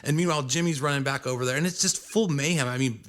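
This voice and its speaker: A man's voice: a little high, fast talker. A man, a band member, telling a story casually and with life, acting out what others said. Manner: lively, acts out quotes.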